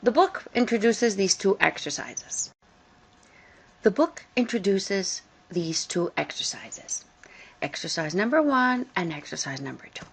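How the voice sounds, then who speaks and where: A woman teaching English grammar in a recorded lesson, explaining slowly and carefully and repeating key points. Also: medium pitch, very animated, a little hiss or hum. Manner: slow, careful explaining with repetition.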